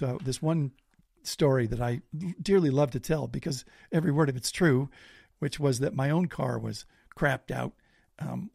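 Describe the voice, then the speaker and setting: A man guesting on a podcast, spinning a self-deprecating anecdote with animated delivery. His voice has a gravelly texture. The sound is dry and close to the mic. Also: mid-range voice, no room sound. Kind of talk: casual storytelling.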